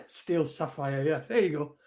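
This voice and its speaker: A man's voice: on the high side, a little slow, darkish tone. A man hosting an online show, swearing and mocking as he reads out messages. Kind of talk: casual live-stream rant.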